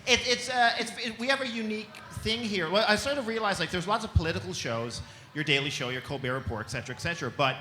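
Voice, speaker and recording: A man's voice: high-pitched, fast, pushed and bright, reverberant, slight background noise. A man telling a comic story on a panel, full of energy and laughter, acting out other people's voices. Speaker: comedian panelist. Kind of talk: animated storytelling with impressions. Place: panel on a stage before an audience.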